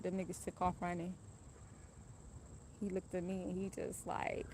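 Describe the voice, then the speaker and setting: A woman's voice: mid-range voice, moderate pace, pauses often, a little hiss or hum. Candid, profane woman telling a story. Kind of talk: casual personal storytelling.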